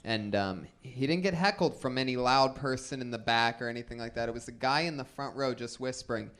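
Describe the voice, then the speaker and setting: Animated man telling comedy stories. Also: mid-range voice, fairly quick, clear, resonant tone. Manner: animated storyteller, acts out whispers and shouts. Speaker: comedy podcast host. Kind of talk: casual chat.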